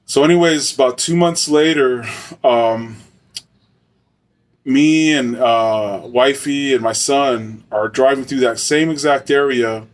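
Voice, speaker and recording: Brief: Arizona man, casual profane storyteller, mid-pitched, mic a little distant. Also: takes it slowly. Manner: loose, slangy and profane, with frequent fillers. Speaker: storyteller, former soldier.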